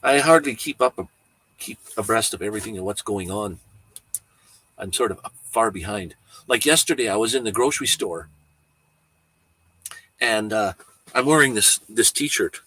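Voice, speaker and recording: Husky, rambling man chatting live. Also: on the low side, normal speed, long pauses, bright, forceful tone, dry recording. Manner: rambling, easygoing, chuckles often. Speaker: livestream host. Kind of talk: casual livestream chat.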